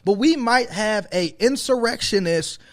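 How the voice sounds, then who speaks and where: A man's voice: sits high, animated, unhurried. A man hosting a casual podcast discussion, emphatic and repeating himself with many fillers. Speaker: podcast host.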